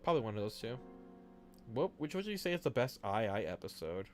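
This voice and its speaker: Excitable young man streaming to chat. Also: lowish voice, a little fast, soft background music. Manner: excitable, swears often, talks to chat. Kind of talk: casual live-stream chat while drawing.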